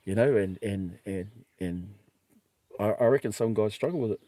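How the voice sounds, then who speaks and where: A middle-aged man with a New Zealand accent tells stories as a podcast guest, his voice on the low side at a moderate pace with no echo. He's animated in the casual chat, acting out what people said and laughing as he goes.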